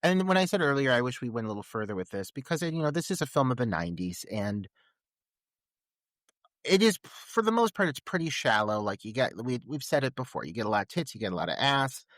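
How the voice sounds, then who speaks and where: A man in a casual podcast chat, digging into a film scene with plain enthusiasm and a careful eye for detail. His voice sits at an ordinary male pitch and comes through a close mic with a dry, dead sound. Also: sing-song, fairly quick, a bit bright, no echo. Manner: enthusiastic, analytical. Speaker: podcast co-host.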